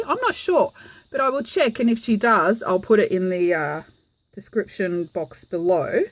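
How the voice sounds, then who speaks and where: A woman's voice: a little high, animated, takes it slowly, no echo. Gushing woman vlogger. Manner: gushing and enthusiastic, with frequent "um" fillers. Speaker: craft vlogger. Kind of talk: casual show-and-tell vlog.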